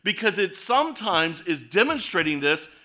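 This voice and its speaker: This man preaches as a pastor in a high, pushed, bright voice that is very animated. Reading verses aloud and unpacking scripture in a conversational way, he shifts his pace up and down to stress points.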